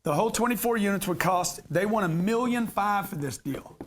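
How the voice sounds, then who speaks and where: A man's voice: high voice, animated, fairly quick, a little hiss or hum. A man giving a live real estate seminar to an audience, brash and slangy, cracking jokes as he teaches.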